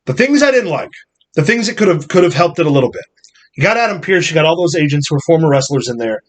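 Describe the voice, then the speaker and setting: A man's voice: a little high, lively intonation, fast talker. A man co-hosting a casual wrestling review, blunt and opinionated, swearing casually. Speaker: podcast co-host.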